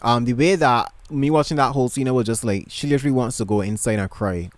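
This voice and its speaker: A man's voice: medium pitch, fast talker, no echo. A man vlogging casually from his bedroom, gushing and emotional, rambling with lots of fillers and restarts. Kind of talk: casual chat to camera.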